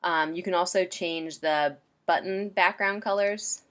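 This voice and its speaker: A woman's voice: on the low side, fairly even intonation, a little slow. A woman casually walking a client through website templates in a screen-share tutorial, chatty and loose with lots of ums and likes.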